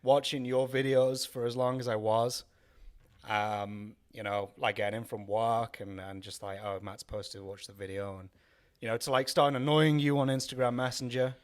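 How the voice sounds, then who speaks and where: A man's voice: medium pitch, level tone, moderate pace, smooth. A man co-hosting a casual podcast over drinks, rambling and self-deprecating with many restarts. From Wales. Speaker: podcast co-host.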